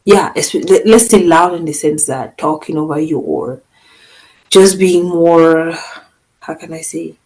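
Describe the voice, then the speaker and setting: Woman, podcast co-host, casual chat, lower voice, firm, emphatic, swings in loudness. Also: unhurried, poor audio.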